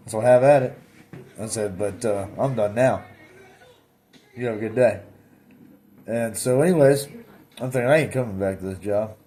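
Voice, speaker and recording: A man's voice: medium pitch, normal speed, long pauses. A man vlogging, telling a story in a blunt, plainspoken way and acting out his own replies. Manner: animated, reenacts his own replies with repeated "I said". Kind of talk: casual storytelling.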